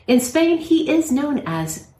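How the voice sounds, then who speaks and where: A woman's voice: sits high, sing-song, slow, darkish tone, echoey room. Upbeat woman co-host reading notes. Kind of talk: casual banter.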